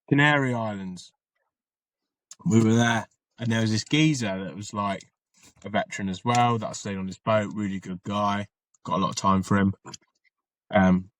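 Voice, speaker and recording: A man's voice: fairly low pitch, no room sound. A man, an army veteran and podcast guest, telling his story in a rambling, casual way and swearing freely.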